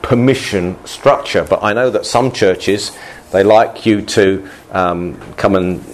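A male pastor giving a relaxed, good-humoured sermon to his congregation, often laughing and restarting his sentences. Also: fairly low pitch, slow, slight background noise.

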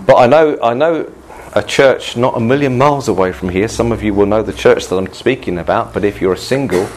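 Low-pitched guy preaching to his congregation, chatty and jokey, laughs a lot, faint noise in the background. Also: fairly quick. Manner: chatty and good-humoured, with frequent laughs and restarts. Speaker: pastor. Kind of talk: sermon.

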